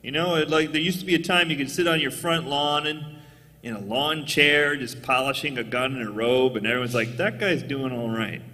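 A man doing a live stand-up comedy set on stage, jokey, often jumping into squeaky put-on voices. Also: a little fast, bright, forceful tone, long reverb tail.

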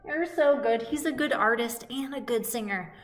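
A woman's voice: fairly high pitch, normal speed. A woman teaching a music lesson to young children in a cheerful, sing-song call-and-response way, recorded at home.

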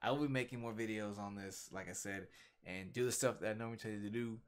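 A man casually reacting to a webcomic, reading panels aloud with slangy, animated commentary from a home desk mic. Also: fairly low pitch, fast. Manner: animated, slangy, reads comic lines aloud. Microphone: desktop USB microphone.

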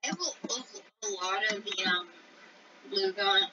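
A woman's voice: mid-range voice, lively intonation, a little slow. Teasing female co-player, noisy lo-fi sound. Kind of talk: casual gameplay chat.

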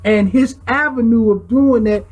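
A man teaching a religious class, preaching in casual street talk with lively illustrations and sound effects. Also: very high-pitched, unhurried, poor audio.

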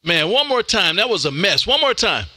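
A man from Texas with a Texan accent, working ham radio contacts on a live stream in a loud, folksy way, tossing "man" into most lines. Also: sits high, big pitch swings, normal speed, very noisy.

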